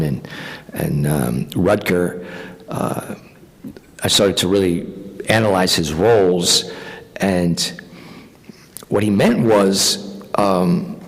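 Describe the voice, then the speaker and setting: A man, an actor guest at a fan convention panel, telling animated anecdotes with casual swearing. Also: lowish voice. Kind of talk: convention Q&A storytelling. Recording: long reverb of a convention hall.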